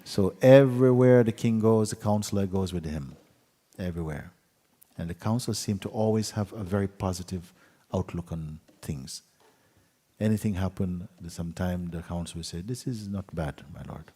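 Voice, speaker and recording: A man with a very low, husky voice tells a story gently and without hurry. His lines often fade to near-quiet endings. He speaks in a retreat hall with a long, lingering reverb. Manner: gentle, unhurried storytelling with soft trailing endings. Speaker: spiritual teacher.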